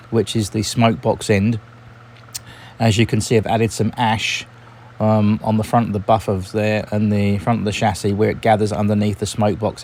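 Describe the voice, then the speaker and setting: A man hosting a model railway vlog, talking in a relaxed, chatty way with frequent ums and self-corrections. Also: on the low side, a little hiss or hum. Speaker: model railway channel host. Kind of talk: casual hobby vlog narration.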